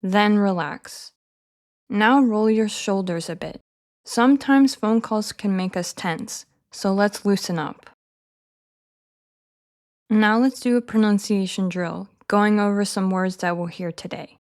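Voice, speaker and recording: An American woman leads an English shadowing lesson at a very unhurried pace. She sounds out each word deliberately so listeners can echo her. Her pitch sits in an ordinary middle range. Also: darkish tone. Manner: slow, careful enunciation for learners to repeat. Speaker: English teacher.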